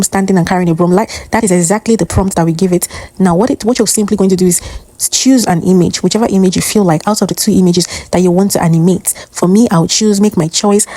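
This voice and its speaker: A woman's voice: medium pitch, mellow, no echo. A woman hosting a tutorial, explaining step by step with occasional fillers. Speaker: host. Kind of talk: tutorial narration.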